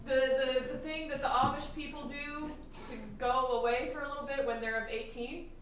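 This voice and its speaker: A woman doing improv comedy on a theater stage, with a deadpan manner. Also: high-pitched, brisk, a little hiss or hum. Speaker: improv performer. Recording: echoey theater, far from mic.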